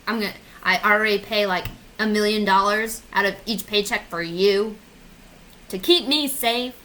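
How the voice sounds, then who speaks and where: A woman's voice: mid-range voice, bright, forceful tone, slight background noise, poor audio. A woman in her twenties ranting sarcastically on her vlog, swearing and mocking herself. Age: 20s. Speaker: vlogger. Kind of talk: casual comedic rant.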